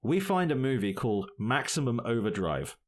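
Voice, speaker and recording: A man's voice: medium pitch, sing-song, moderate pace. A man co-hosting a casual podcast, chatting loosely, laughing often and slipping into goofy put-on accents. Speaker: podcast co-host. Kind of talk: casual chat.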